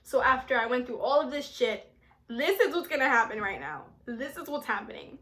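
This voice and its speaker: A young adult woman telling a personal story in a casual vlog, animated and chatty, full of filler words. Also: high voice, a little fast. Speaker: vlogger.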